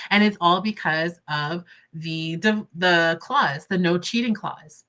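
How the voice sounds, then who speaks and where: A young woman hosting casual livestream commentary, expressive and indignant, laughing often between points. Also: on the low side, takes it slowly, few pauses. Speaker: commentary channel host.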